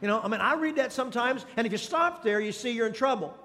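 A male pastor with a high voice preaches an emphatic sermon, pressing his listeners with questions and repeated phrases. His voice carries a long reverb from the large hall around him. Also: lively intonation, quick pace, hardly any pauses, fairly bright tone. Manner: emphatic, exhorting the congregation with questions and repetition.

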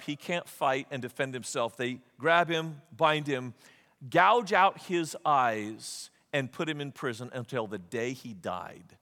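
A man preaching a sermon, retelling stories with lively, acted-out voices. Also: a little high, in a large hall. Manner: animated storytelling, acts out quotes. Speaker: pastor.

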